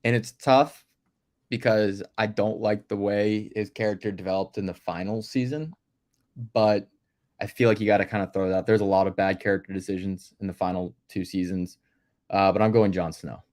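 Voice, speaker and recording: A man's voice: on the low side, steady tone, normal speed, a little mellow. A man co-hosting a podcast in casual movie chat, enthusiastic, laughing often and trailing into fillers. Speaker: podcast co-host.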